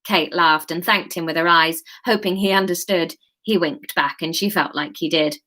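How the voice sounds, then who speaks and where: A woman's voice: on the low side, moderate pace, pushed and bright. Chatty woman reading her own novel. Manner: self-mocking, chatty, laughs at herself. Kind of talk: chatty live reading with asides.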